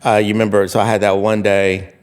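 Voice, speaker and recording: A man's voice: on the low side, level tone, fast talker, a little mellow. A man in his forties, a podcast co-host, telling a story in casual chat with many restarts and fillers.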